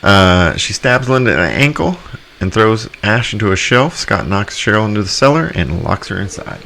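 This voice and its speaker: Very deep-voiced man recapping a plot. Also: creaky, a little hiss or hum. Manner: steady plot recaps, quick agreeing backchannels. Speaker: podcast co-host. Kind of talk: casual film review chat.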